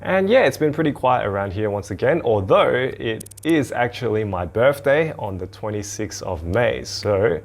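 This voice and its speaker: A man in his twenties hosts a casual reaction video from a home studio, chatty and excitable, laughing often. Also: on the low side, moderate pace, few pauses. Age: 20s. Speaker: host. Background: marching percussion show playing.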